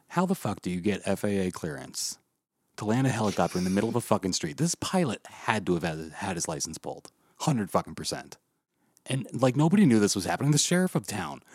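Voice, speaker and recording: A man casually reviewing a movie with friends on a podcast, animated and full of profanity. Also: lowish voice, breathy edge, no echo, studio quality. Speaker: podcast host.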